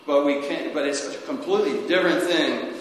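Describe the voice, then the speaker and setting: A man preaching a sermon, speaking slowly and haltingly, rising suddenly and then dropping softly. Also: a little high. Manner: slow, halting, with sudden rises and soft drops. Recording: echoey church hall, faint noise.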